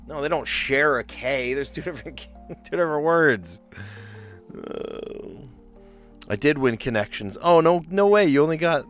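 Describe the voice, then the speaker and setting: A man live-streaming word puzzles, thinking aloud as he mutters guesses and chats with viewers. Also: medium pitch. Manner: chatty with viewers.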